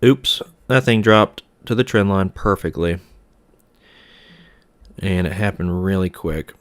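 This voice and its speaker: A man runs a live trading stream and talks to his chat in an aggravated, repetitive way. His voice sits low and stays smooth and resonant as he vents. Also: slow. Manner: frustrated, repeats himself, sighs.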